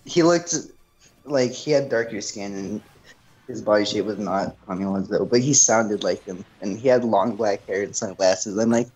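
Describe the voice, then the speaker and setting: A man's voice: fairly low pitch, moderate pace, darkish tone, low-quality recording. A young man chatting casually at home, telling a long rambling story and saying "freaking" a lot. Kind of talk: casual chat.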